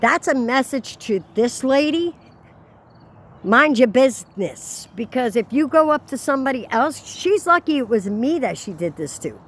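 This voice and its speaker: A woman telling a storytime rant as a vlogger, exasperated, dropping into low asides and then rising into raised outbursts. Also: expressive, moderate pace, few pauses.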